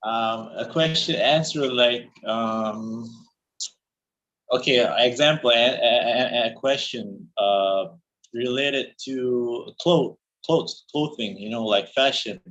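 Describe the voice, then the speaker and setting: Halting male student on a lo-fi call. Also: medium pitch, fairly bright tone. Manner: halting, searches for words, many restarts. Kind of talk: speaking practice in an online class.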